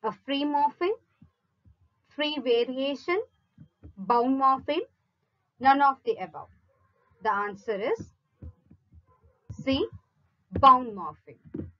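A woman teacher slowly reading out multiple-choice questions, listing each option before giving the answer. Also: high voice, animated, muffled recording. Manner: measured, reads each option in a list then gives the answer. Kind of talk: slow read-out quiz lesson.

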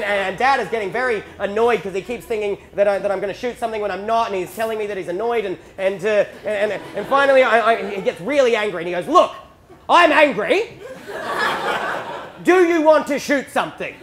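A man's voice: high voice, noisy background. A man telling a comic story on stage, stammering and self-mocking. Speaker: stand-up comedian. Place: theatre stage with audience.

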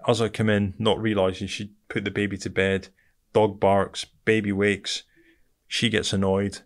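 Guy on a podcast, low gravelly voice, blunt and sweary, keeps saying mate. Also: flat delivery, moderate pace. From Britain. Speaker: podcast guest. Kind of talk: candid interview storytelling.

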